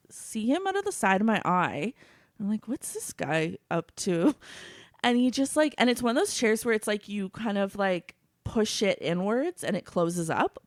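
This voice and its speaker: A woman co-hosting a casual podcast chat, animated and quick to laugh while telling stories. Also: mid-range voice, no echo, clean studio sound. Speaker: podcast co-host.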